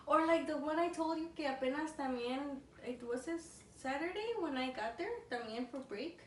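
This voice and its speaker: A woman's voice: sits high, normal speed. A young woman casually telling a story over a meal, rambling with constant "like" fillers and switching languages mid-sentence. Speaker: vlogger co-host. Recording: echoey room, distant mic, faint noise.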